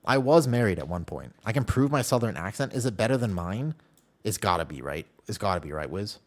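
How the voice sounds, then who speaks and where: A man's voice: lowish voice, lively intonation, fairly quick. A man chatting casually on a live game stream, telling rambling self-deprecating stories and answering chat messages aloud.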